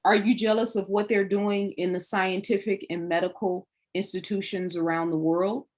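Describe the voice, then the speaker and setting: A woman's voice: medium pitch, steady tone, normal speed, a little mellow. A woman hosting a livestream, delivering a preachy monologue full of rhetorical questions. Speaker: livestream host.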